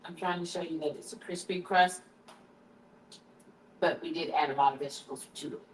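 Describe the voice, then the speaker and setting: A livestream host chats with viewers from her home kitchen as she tastes her food, then switches to hushed prayer. Her low voice is brisk, picked up by a roomy, distant camera mic with slight background noise.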